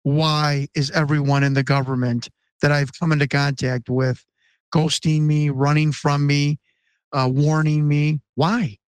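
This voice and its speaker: A man's voice: on the high side, level tone, unhurried, clear, resonant tone, no echo. An American man in his fifties from Chicago, a podcast guest speaking in an earnest, emphatic way with insistent questions. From Chicago, USA. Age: 50s. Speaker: interview guest. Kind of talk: podcast interview.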